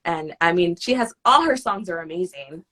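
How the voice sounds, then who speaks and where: A young woman, a singer, chatting casually in an interview and acting out the people she quotes. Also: normal speed. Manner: animated, acts out quoted phone calls with high excited voices. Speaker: guest singer.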